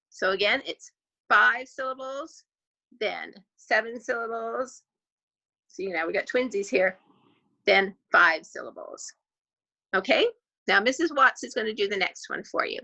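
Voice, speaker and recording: A woman teaching a grade two class in an online lesson, clapping out syllables slowly and clearly. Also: medium pitch, lively intonation, sharp tone, low-quality recording.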